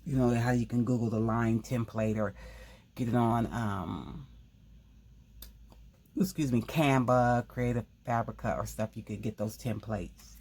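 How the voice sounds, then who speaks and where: A woman hosting a craft video, talking quickly in a rambling, casual way and often correcting herself mid-sentence. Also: extremely low pitch, darkish tone, husky. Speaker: craft channel host. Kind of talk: casual craft tutorial chat.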